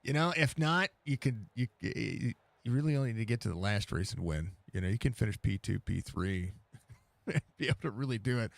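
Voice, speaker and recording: A man's voice: fairly low pitch, lively intonation, brisk, creaky, no room sound. A man hosting post-race interviews in casual talk, laid-back and rambling, laughing often, on a headset mic. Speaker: race broadcast host.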